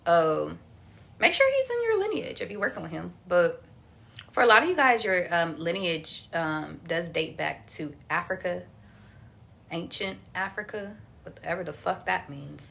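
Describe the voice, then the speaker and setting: A woman's voice: fairly low pitch, big pitch swings, unhurried, vocal fry, a bit bright. A young woman giving a casual livestream tarot reading, chatty and slangy, swearing casually. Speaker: tarot reader.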